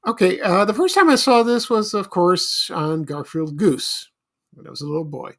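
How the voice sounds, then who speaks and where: A man's voice: high voice, normal speed, fairly bright tone. A middle-aged man from Chicago hosting a casual solo podcast, rambling and nostalgic with many fillers and restarts. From Chicago, USA. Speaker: podcast host.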